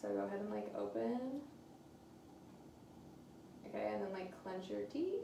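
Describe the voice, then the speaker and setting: This woman, a student running a clinical nerve exam, speaks at a measured pace with a creaky, medium-pitched voice and lively intonation. She's slightly out of breath and hesitant, leaning on fillers, and the echoey room carries faint background noise.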